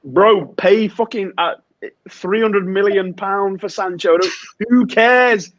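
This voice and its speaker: A young man co-hosting a casual football chat, excitable and swearing a lot. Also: high-pitched, takes it slowly, highs cut off. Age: young adult. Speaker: co-host.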